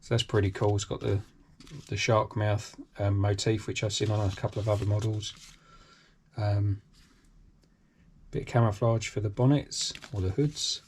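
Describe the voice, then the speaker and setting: A man's voice: lowish voice, fairly even intonation, normal speed, darkish tone, slight background noise. A British man hosting a hobby channel, talking casually through an unboxing with lots of ums and restarts. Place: home workshop.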